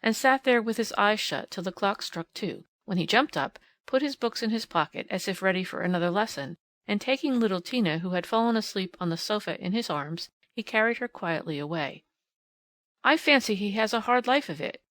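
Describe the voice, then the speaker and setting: Female audiobook reader, classic novel, mid pitch, dead-dry booth sound. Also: expressive, brisk, a bit bright, no echo. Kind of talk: reading a classic novel aloud.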